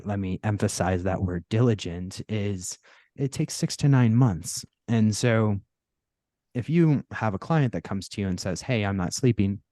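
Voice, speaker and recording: A middle-aged man, a podcast guest, explaining his work in relaxed interview chat with a touch of self-deprecating humor. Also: lowish voice, no room sound, studio quality. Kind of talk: casual interview talk.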